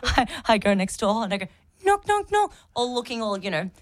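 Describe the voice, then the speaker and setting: A woman's voice: mid-range voice, steady tone, quick pace, dry recording. A young woman co-hosting a radio show, telling a story in casual chat and acting out the quotes. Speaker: radio co-host and real estate agent.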